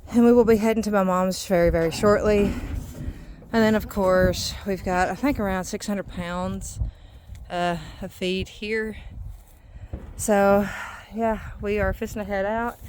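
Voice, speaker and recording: A woman's voice: medium pitch, fairly even intonation, darkish tone, slight background noise. A woman, talking casually in a rambling vlog as a mother. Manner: chatty, rambling, with drawn-out fillers. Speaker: vlogger and mother.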